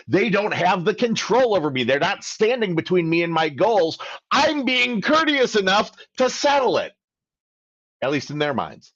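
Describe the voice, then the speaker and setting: A man hosts a live question-and-answer session as a credit coach, talking emphatically, and he acts out both sides of phone calls. His voice sits a bit high and swings widely in pitch. The recording is dull and lo-fi, with a dry sound and no room echo. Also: very animated, normal speed, a bit bright. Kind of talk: livestream Q&A talk.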